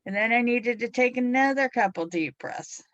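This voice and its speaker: A middle-aged woman hosts a hypnotherapy radio show in a chatty, playful way. Her voice is a bit froggy and hoarse today. The sound is close and dry, with no room around it. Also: fairly high pitch, moderate pace, fairly bright tone, no echo, lo-fi sound. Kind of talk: talk radio show with guided relaxation.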